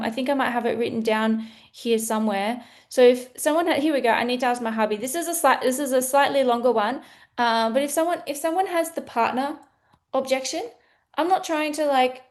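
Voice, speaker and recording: High-voiced blunt woman sales coach. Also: fairly quick. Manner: animated, blunt, playful, acts out sales dialogue. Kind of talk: casual teaching talk.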